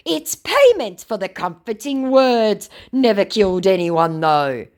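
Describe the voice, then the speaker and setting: A man's voice: high voice, sing-song, a little slow, voice pushed up, exaggerated voice. A woman reading out the lines of a defiant young male romance scammer who taunts and justifies himself. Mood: taunting.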